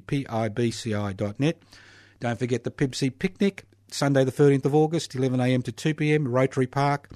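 A man's voice: mid-range voice, darkish tone, dry recording, studio quality. A man hosting a community radio show, delivering a sarcastic, mocking political monologue with scornful laughs.

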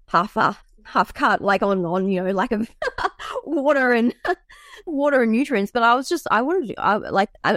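Halting young woman, low-pitched. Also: dry recording, studio quality. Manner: halting, full of fillers and restarts. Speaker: guest sharing her illness story. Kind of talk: personal storytelling.

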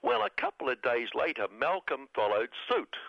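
A man's voice: mid-range voice, sing-song, normal speed, vocal fry, dry recording. A man reads a satirical radio commentary in a sarcastic, mock-solemn voice. The sound is dry and close, with little room around it. The broadcast is dull and lo-fi. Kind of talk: scripted satirical monologue.

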